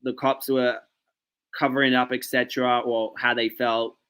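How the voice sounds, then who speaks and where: Male vlogger, mid-pitched, casual ranting reaction commentary. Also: level tone, normal speed, fairly bright tone, smooth. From Australia. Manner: ranting, talks straight to viewers with frequent "okay" and "like".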